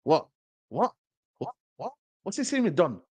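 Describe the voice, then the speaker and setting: A man, a football pundit reacting loudly to a live match, swinging from yelps to groans. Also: high voice, sing-song, unhurried, noisy background.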